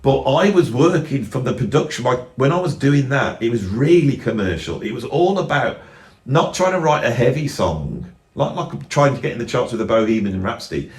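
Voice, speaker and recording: A man's voice: medium pitch, brisk. A middle-aged man, a former record producer chatting as a podcast guest in a rambling, anecdotal way. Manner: rambling, anecdotal, animated when quoting others. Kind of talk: casual storytelling chat. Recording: roomy echoey room.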